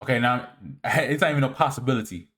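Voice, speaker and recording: A man talks his audience through a set of slides, stopping and restarting his phrases as he goes. He keeps asking "all right?" and "you see what I'm saying?", rising sharply on key points and dropping to quiet mutters in between. His voice sits at an ordinary middle pitch. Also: lively intonation, fast. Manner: repeats and restarts words, asks "all right?" often; swings from emphatic rises to low muttering asides. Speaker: presenter of a video series. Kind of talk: lecture walking through slides.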